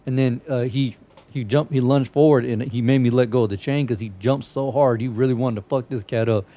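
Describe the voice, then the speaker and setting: A man's voice: medium pitch, steady tone, fairly quick, dark tone. A young man hosting a podcast, telling stories in a casual, profane way and often breaking into laughter. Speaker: podcast host. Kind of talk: casual chat.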